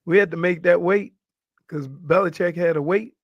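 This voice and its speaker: A man's voice: high-pitched, moderate pace, dry recording, dull audio. A man co-hosting a sports radio show, cracking jokes and restarting his sentences. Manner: wisecracking, stumbling restarts. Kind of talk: casual sports radio chat.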